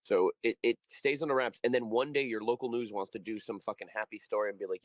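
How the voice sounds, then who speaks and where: A man chatting as a guest on a podcast, excitable and sweary, calling people dude and bro. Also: fairly low pitch, quick pace, dry recording. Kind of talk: casual chat.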